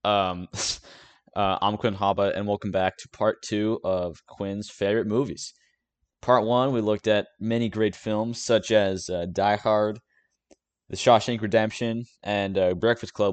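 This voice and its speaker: A young man with a very low voice chats casually about his favorite movies, stumbling through fillers and restarts as he goes. The sound is dry and close, with no room around it. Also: steady tone, a little slow, dry recording. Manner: rambling and hesitant, with many fillers and restarts. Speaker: host of a movie review video series. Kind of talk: casual movie review chat.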